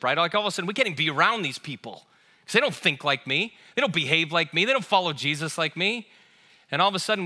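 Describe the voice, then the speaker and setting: A man's voice: on the high side, sharp tone. A man preaching a sermon and telling funny stories, talking straight to a live congregation in a church. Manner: humorous storytelling, talks to the congregation directly. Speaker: pastor. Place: church auditorium with a live audience.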